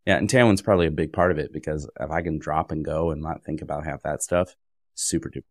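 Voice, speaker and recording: A man co-hosting a podcast, trading wry jokes and quick asides in casual chat. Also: very deep voice, fairly even intonation, no room sound, clean studio sound. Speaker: podcast co-host.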